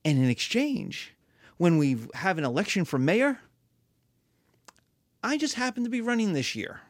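Woman teaching history, super animated storytelling, voice goes all over, dry close sound. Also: lowish voice, a little slow, no room sound. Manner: lively, storytelling, acts out voices. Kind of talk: animated classroom lecture.

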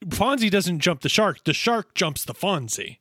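A man co-hosting a podcast, chatting about a TV episode with quick, animated reactions and easy laughter. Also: high-pitched, breathy edge, dry recording, studio quality. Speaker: podcast co-host. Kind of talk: casual episode recap chat.

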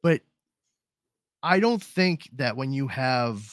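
A man's voice: mid-range voice, slow, no echo, clean studio sound. A man hosting a podcast in casual chat, rambling and swearing freely. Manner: rambling, profane, animated. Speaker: podcast host.

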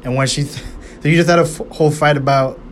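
A man's voice: a little high, fairly even intonation, quick pace, slight background noise. A man casually breaking down a movie, rambling and swearing, with lots of fillers and restarts. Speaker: movie reviewer.

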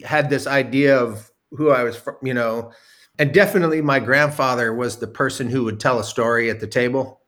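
A man telling a self-deprecating story in casual chat, animated and a bit profane. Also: medium pitch, brisk. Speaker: guest storyteller.

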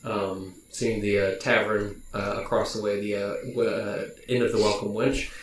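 A man narrating a tabletop game as game master, casual and a little halting. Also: lowish voice, flat delivery, distant mic, a little hiss or hum. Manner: casual, hesitant narration with fillers. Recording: roomy recording.

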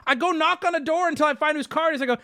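A man streaming live, telling an exasperated story with lots of swearing and sudden high jumps in his voice. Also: racing. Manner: animated, indignant, swears a lot.

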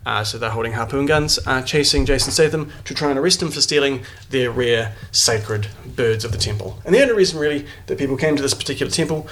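A man's voice: mid-range voice, quick pace, hardly any pauses, a bit bright. A man narrating a tabletop game as game master, rambling and jokey with many fillers.

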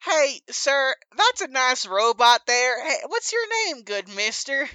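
A woman's voice: high voice, very animated, unhurried, sharp tone, no echo, pitched above the performer's own voice, full character voice. A woman voicing a dim, folksy older male wasteland wanderer who rambles on with a wheedling salesman's patter during a tabletop role-play. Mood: friendly.

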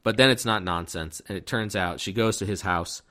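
A man with a fairly low voice chats loosely through a movie's plot. He circles back, restarts his sentences and drops in quick impressions of the characters. The tone is relaxed, like friends talking. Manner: rambling, many fillers and restarts, acts out characters' lines. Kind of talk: casual movie recap chat.

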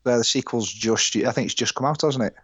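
A man's voice: medium pitch, a little fast, a bit bright, breathy edge, dry recording, muffled recording. A British man in his thirties, a musician, telling stories and swearing freely in casual podcast chat. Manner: sweary, storytelling, laughing often. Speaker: band musician guest.

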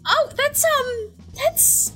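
A woman's voice: extremely high pitch, extremely slow, sharp tone, faint music behind, pitched above the performer's own voice, full character voice. A woman voicing a flustered, polite adventurer who calls out uncertainly. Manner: flustered, calling out.

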